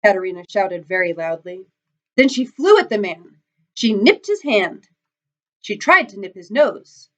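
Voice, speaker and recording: A woman storyteller reading a children's picture book aloud, in an expressive, dramatic manner. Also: mid-range voice, unhurried. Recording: dull lo-fi recording.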